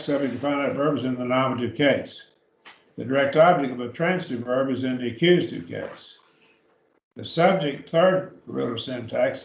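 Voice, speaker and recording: A man teaches grammar to a class in a slow, unhurried voice with a gravelly edge, often stopping to repeat himself or restart. He sounds like he is in a church classroom, with a roomy, somewhat dull recording around him. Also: mid-range voice. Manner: slow, repeats words, many fillers and restarts. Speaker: Greek teacher.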